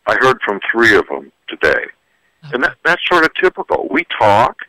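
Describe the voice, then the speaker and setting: An older man speaks in a low but very lively voice, swinging up and down as he tells folksy, joking stories. His tone is bright and forceful, and the sound is dry and close. He talks as a guest psychologist on a radio show. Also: normal speed, dry recording, rough recording. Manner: folksy, joking, animated storyteller. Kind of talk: radio interview, storytelling advice. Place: radio studio.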